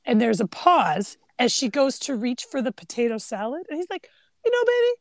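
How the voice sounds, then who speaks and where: A high-voiced woman with a gravelly edge chats casually about a film. She acts out quoted lines as she retells scenes. The sound is dry and close. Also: lively intonation, moderate pace, no echo. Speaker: podcast co-host.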